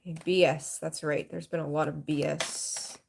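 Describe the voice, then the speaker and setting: Blunt, gravelly-voiced woman reading tarot. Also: deep voice, level tone, a little slow, noisy background. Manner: frank, rambling, swears casually, greets viewers. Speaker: tarot reader.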